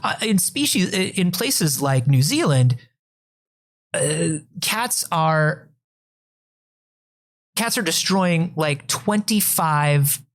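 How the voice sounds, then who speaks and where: A man's voice: on the high side, lively intonation, slow, pauses often. Rambling male podcast co-host. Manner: rambling, full of fillers and restarts, reads out statistics. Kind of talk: comedic casual chat.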